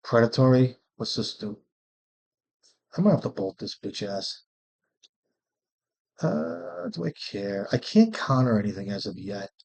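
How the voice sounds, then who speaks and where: A man's voice: on the low side, big pitch swings, unhurried, creaky, long pauses, a little mellow. A man streaming a card game, thinking aloud in casual, profane commentary and often muttering to himself.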